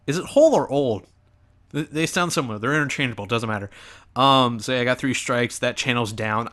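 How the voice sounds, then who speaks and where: A man's voice: mid-range voice, pushed and bright. A young man hosting a gaming channel, giving rambling, self-mocking commentary over an old video of himself.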